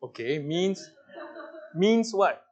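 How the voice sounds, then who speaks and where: In dull-sounding audio, a Singaporean-accented man teaches Bible lessons interactively, teasing responses out of his students with frequent laughter. He speaks very slowly in a high-pitched voice with lively intonation.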